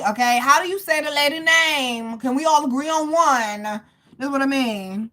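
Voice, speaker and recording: Chatty woman tarot reader, higher voice. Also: moderate pace. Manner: chatty, calls listeners baby and boo; loose and animated, laughs and greets chat viewers. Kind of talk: casual live tarot reading.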